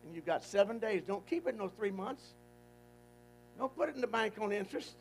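A male guest preacher leading the congregation in call-and-response. He's folksy and emphatic, repeating lines for effect. The voice is unusually high with a gravelly rasp. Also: expressive, fairly quick, slight background noise, rough recording.

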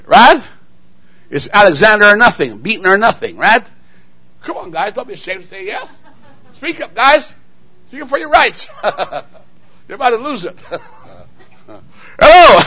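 High, lively, bright-voiced preacher man. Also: unhurried, long pauses, breathy edge, dry recording, poor audio. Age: adult, married. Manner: emphatic, call-and-response questions to the congregation; swings between loud exclamations and soft asides. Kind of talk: sermon.

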